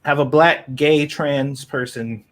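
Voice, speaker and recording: A man's voice: medium pitch, steady tone, slow, fairly bright tone. A man on a podcast panel making dry, joking asides in casual chat.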